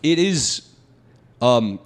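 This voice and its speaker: A man's voice: medium pitch, lively intonation, very slow. A young man hosting a podcast, telling loose, profane stories and laughing at his own jokes. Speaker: podcast host. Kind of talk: casual podcast chat.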